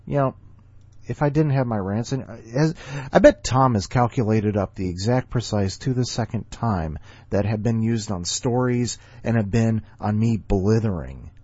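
A man's voice: on the low side, normal speed, dark tone, dry recording. A man hosting a story podcast, reading stories aloud and rambling jokingly between them. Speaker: podcast host. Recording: dull lo-fi recording with faint music.

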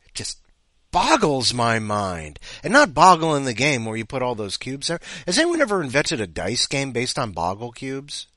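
A man's voice: medium pitch, wildly swooping pitch, normal speed, bright, forceful tone, no echo. A man hosting a comedic podcast, rambling and self-mocking as he reads listener stories. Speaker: podcast host. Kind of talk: comedic podcast chat and story reading.

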